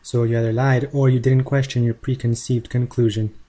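Dark, husky man with a combative edge. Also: medium pitch, level tone, brisk. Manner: combative, mocking. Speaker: video creator responding to a critic. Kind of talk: argumentative rebuttal video.

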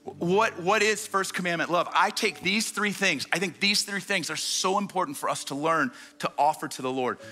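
A man preaching a sermon in a church, telling stories with energy and quick repeated restarts. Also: high-pitched, pushed and bright, soft background music. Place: church stage before a congregation.

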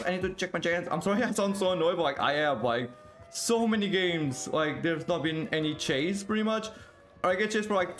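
Guy doing hyped gameplay commentary, kinda high voice, keeps repeating stuff fast, faint music behind. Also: fairly bright tone. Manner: exclamatory, repeats words in quick bursts. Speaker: gaming video creator. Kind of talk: excited live gameplay commentary.

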